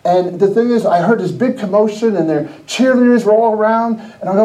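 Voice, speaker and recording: A man's voice: sits high, a little fast, dark tone, poor audio. A middle-aged man from New Jersey hosting a Christian podcast, telling personal stories casually, laughing often and acting out quoted dialogue. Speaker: podcast host.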